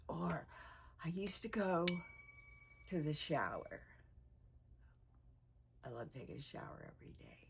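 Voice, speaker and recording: A woman's voice: on the low side, sing-song, takes it slowly, gravelly, pauses often, husky. A woman in her sixties talking candidly in a personal vlog, reflective and rambling, sometimes dropping to a whisper. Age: 60s. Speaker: weight loss vlogger.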